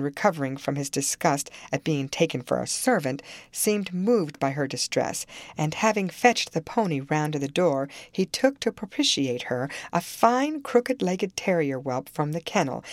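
Woman audiobook narrator, low and very expressive, dry close recording. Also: normal speed, dry recording. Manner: expressive, storytelling. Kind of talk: scripted narration of a classic novel.

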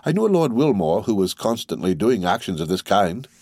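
A man's voice: on the low side, big pitch swings, brisk, darkish tone, no echo, studio quality. A man reading the part of a grave, mysterious count in an audiobook, earnest and restrained. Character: grave, mysterious nobleman count, middle-aged.

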